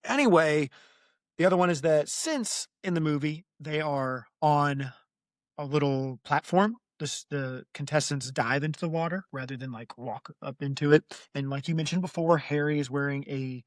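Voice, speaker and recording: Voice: mid-range voice, normal speed, no room sound, clean studio sound. A podcast co-host in casual chat, talking in a chatty, joking way and slipping into voices when retelling anecdotes.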